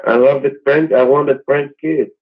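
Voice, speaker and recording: A man's voice: medium pitch, fairly even intonation, moderate pace. A man on a phone call, talking hesitantly with fillers and restarts. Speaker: scammer on the call. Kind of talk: phone conversation.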